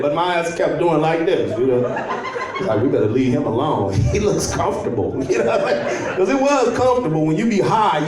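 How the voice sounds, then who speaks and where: A young man from Chicago doing a loose, storytelling stand-up set, laughing at his own jokes and trash-talking. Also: high-pitched. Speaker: stand-up comedian. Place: comedy club stage at a holiday party. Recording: echoey club audio from far off. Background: audience laughter.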